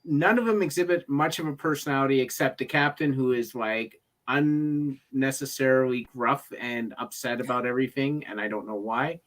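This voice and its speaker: A man on a movie review panel giving his pick in a casual chat, with wry, deadpan asides. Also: medium pitch, moderate pace, hardly any pauses.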